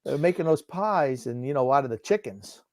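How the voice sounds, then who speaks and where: A man co-hosting a casual football watchalong podcast, gruff and blunt, given to rambling asides. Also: mid-range voice, lively intonation, brisk, darkish tone, no room sound, clean studio sound. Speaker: podcast co-host called Grump. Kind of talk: casual game watchalong chat.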